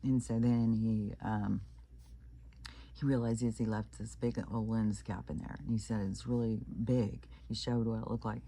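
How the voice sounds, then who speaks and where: A man from Kansas, United States, who hosts a channel, shares a creepy story in a loose, rambling way, stumbling through fillers and restarts. His pitch is fairly low and his tone warm, with a flat delivery that runs a little slow.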